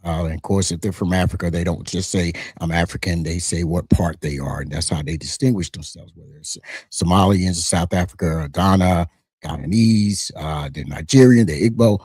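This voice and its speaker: A man's voice: deep voice, moderate pace, husky, dry recording, studio quality. A middle-aged man from the United States, hosting his own channel with casual, emphatic commentary that often restarts mid-sentence. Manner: animated, emphatic, frequent restarts. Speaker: channel host.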